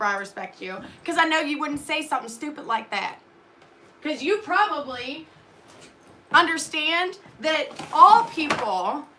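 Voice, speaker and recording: A woman, a nurse and lactation consultant, ranting heatedly to camera, swearing constantly and swinging from quiet asides to loud outbursts. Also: high voice. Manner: swearing, heated, fast-shifting loudness. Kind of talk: profane ranting monologue to camera.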